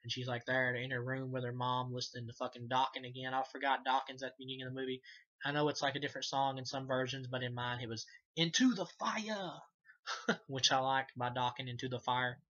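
A man's voice: medium pitch, completely flat delivery, fast, pushed and bright, muffled recording. A man giving a casual, rambling movie recap, full of fillers, swearing and self-corrections. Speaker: movie reviewer.

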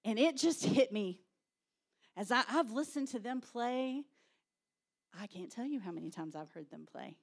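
A woman pastor, preaching a sermon with animated storytelling and shouted quotes. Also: on the high side, moderate pace, pauses often.

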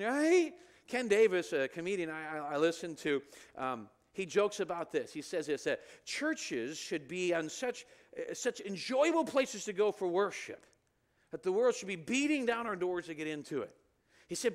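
A middle-aged man preaching a sermon in a church, animated, rising to loud emphatic peaks. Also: high-pitched. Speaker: pastor. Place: church sanctuary.

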